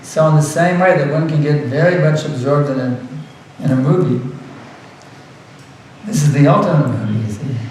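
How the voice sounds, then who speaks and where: A man's voice: on the high side, mellow, very echoey, distant mic, a little hiss or hum, poor audio. A man giving a devotional lecture as a spiritual teacher, earnest and repeating words for emphasis, with light laughs.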